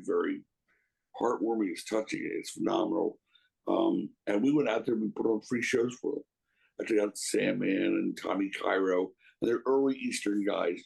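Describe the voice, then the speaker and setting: Middle-aged man, low husky gravelly voice, rambling emotional interview guest. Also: darkish tone, poor audio. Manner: rambling, emotional, many restarts. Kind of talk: casual reminiscing interview.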